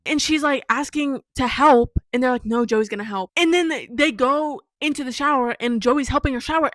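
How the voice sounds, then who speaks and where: A twenty-one-year-old woman reviewing books in a casual vlog, animated and opinionated, repeating herself for emphasis. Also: sits high, fairly quick, few pauses, dry recording. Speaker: book reviewer.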